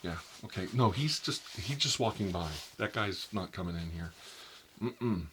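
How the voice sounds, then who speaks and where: A man playing a nervous male doctor in a soft-spoken ASMR role-play, rambling and filling his talk with "like" and "you know.". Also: sits low, lively intonation, normal speed, slight background noise. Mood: uneasy. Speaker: doctor examining a patient.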